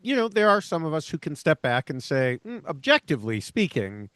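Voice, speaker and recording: A middle-aged man co-hosting a podcast, talking through ideas in a measured, analytical way with many "you know" fillers. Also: a little high, animated, fairly bright tone, clear, resonant tone, no room sound, studio quality. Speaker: podcast co-host, reality TV commentator. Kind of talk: casual podcast discussion.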